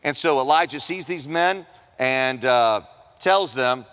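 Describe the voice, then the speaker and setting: A man's voice: medium pitch, slow pace, a bit bright, smooth. Preacher man in a reverberant hall. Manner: conversational and humorous, acts out quoted voices. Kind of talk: sermon. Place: chapel or auditorium at a Christian school.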